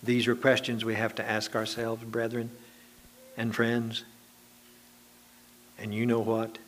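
A man's voice: mid-range voice, completely flat delivery, slow, fairly bright tone, a little hiss or hum. A man preaching a sermon to his congregation, telling homely anecdotes in a conversational, folksy way.

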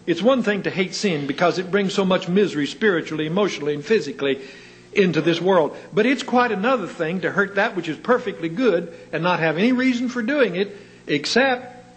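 This man preaches a sermon in a lively, moderately paced voice, and the recording quality is low. He poses rhetorical questions with wide pitch swings and tells anecdotes with dry humor.

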